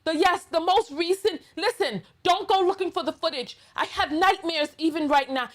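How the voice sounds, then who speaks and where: Sassy high-voiced New York woman. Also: moderate pace, few pauses. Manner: sassy, blunt, emphatic ranting. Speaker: commentary channel host. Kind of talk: reaction commentary monologue.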